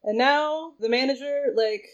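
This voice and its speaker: A woman's voice: sits high, unhurried, lo-fi sound. A woman author reading her own novella aloud expressively and chatting casually over a video call. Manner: expressive, laughs easily. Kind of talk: casual chat and book reading.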